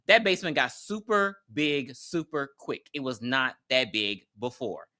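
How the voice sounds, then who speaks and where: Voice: medium pitch, measured pace. A podcast co-host recapping a horror movie in casual, slangy chat, telling it with laughs and acted-out lines. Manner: animated storytelling, laughs often, slangy and profane.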